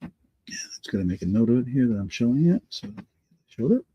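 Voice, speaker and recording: A middle-aged man hosting a live online auction, congested from allergies and slightly raspy, rambling and correcting himself as he answers viewers by name. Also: medium pitch, big pitch swings, fast talker, mellow, muffled recording, a little hiss or hum. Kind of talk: live-stream auction chat.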